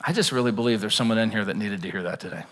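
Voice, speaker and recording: A man preaching a sermon in a church, animated and joking, acting out worried voices. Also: lowish voice, racing, long reverb tail. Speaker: pastor. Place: church auditorium.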